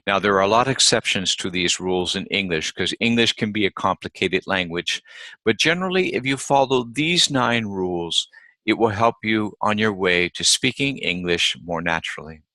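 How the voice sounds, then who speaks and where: A male teacher giving a pronunciation lesson, speaking deliberately and repeating each example word. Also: sits low, bright, forceful tone, no room sound. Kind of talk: instructional lesson.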